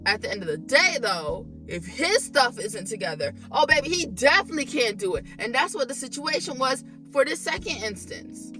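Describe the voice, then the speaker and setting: A young woman vlogger vents to the camera in a candid monologue, her high voice very animated and emphatic, often boiling over into exasperated outbursts. She talks at a normal speed with hardly any pauses, and faint music plays in the background.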